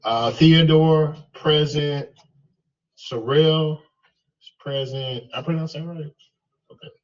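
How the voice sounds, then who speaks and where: A male math instructor calling roll in class, halting and checking how names are pronounced. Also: a little high, fairly even intonation, far from the mic, muffled recording. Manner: slow, halting, checks name pronunciations.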